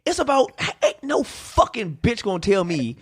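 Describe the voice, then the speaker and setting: A man's voice: high voice, wildly swooping pitch, normal speed, husky. A man co-hosting a casual podcast chat, cursing freely, laughing a lot and mimicking accents. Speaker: podcast co-host.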